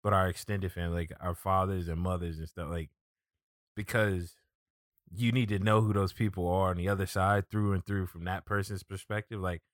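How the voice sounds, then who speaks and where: Laid-back man telling stories, low voice. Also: steady tone, moderate pace, no echo, clean studio sound. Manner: laid-back storytelling with many "like" fillers. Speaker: podcast co-host. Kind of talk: casual chat.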